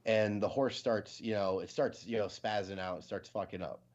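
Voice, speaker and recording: A low-voiced man hosting a casual livestream chat, rambling along with lots of fillers as he tells stories and jokes. The audio is dull and lo-fi, like a webcam mic on a stream. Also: fairly even intonation, normal speed, a little mellow. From Ohio, US. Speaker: livestream host.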